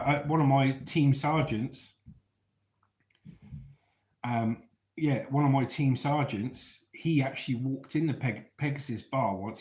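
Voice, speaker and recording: A man spins stories in a chatty, laddish voice and swears freely. His pitch sits in the middle of the usual range. The room around him is noticeably echoey. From England. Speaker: storyteller host. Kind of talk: casual storytelling.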